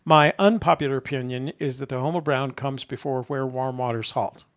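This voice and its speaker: Older new guy with a gravelly voice, rambling and chuckling as he chats. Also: medium pitch, moderate pace. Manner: rambling storyteller, chuckles at himself. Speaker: show host. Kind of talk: casual chat.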